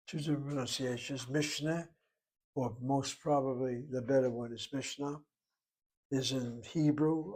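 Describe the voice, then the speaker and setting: A man teaching Hebrew in a relaxed lecture, explaining terms patiently and asking rhetorical questions along the way. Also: medium pitch.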